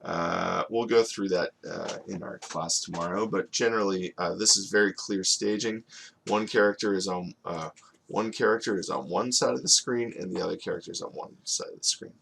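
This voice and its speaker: A man teaching storyboarding in a casual screen-recorded tutorial, talking in a relaxed, conversational way and often checking in with "okay?". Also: low-pitched, normal speed, gravelly, slight background noise. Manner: relaxed and conversational, with frequent fillers. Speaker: animation storyboard instructor.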